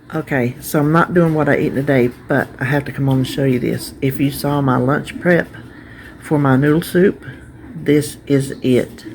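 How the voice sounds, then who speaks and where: A woman's voice: low voice, creaky, a little hiss or hum. A woman chatting casually to camera as a vlogger, talkative and heartfelt. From North Carolina, USA. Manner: chatty, warm-hearted, trails off and restarts.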